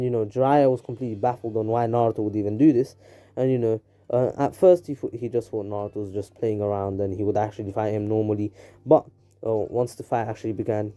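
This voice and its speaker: A man's voice: lowish voice, dark tone. A man casually narrating a fan-made story, rambling and full of fillers like "you know" and "anywho".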